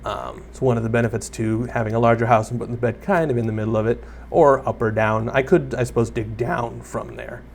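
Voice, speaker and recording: A man's voice: medium pitch, level tone, brisk, hardly any pauses, a little mellow, a little hiss or hum. A young man giving casual Let's Play commentary, rambling and self-deprecating as he chats to viewers and the creatures on screen. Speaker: gaming YouTuber.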